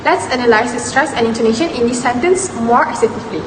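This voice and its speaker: Young female student, slightly high, scripted class talk, roomy echo with long reverb. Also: quick pace. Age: young adult. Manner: reads a prepared script with slips. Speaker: student presenter. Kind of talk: class presentation on phonetics. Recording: echoey room with long reverb and noise.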